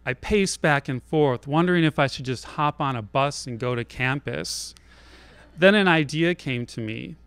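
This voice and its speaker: A man telling a personal story live on a theater stage, in a wry, self-deprecating and deliberate way. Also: a little high, fairly bright tone, smooth, no echo.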